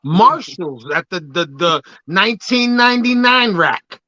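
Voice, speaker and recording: A man's voice: high-pitched, animated, unhurried, sharp tone, dry recording, highs cut off. A man co-hosting a sports podcast, dropping joking interjections into casual banter. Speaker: podcast co-host.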